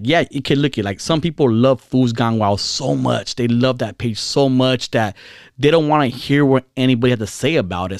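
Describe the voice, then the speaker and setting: Socal dude ranting, lots of slang and cussing, repeats himself, mid pitch, dry sound. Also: male voice, dry recording. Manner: heated, repetitive, swears a lot, slangy. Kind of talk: casual rant.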